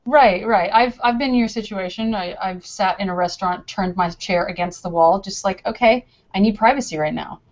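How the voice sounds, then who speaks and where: A woman guest in a casual conversation, telling her story in an animated way and acting out her own thoughts as she goes. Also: mid-range voice, moderate pace, few pauses. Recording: dull lo-fi recording.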